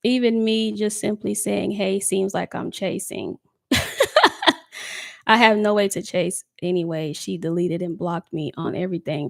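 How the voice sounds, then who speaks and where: A woman's voice: medium pitch, vocal fry. Chatty woman giving a tarot reading. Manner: chatty, reads chat comments aloud, laughs often. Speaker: tarot reader. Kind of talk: casual live tarot reading.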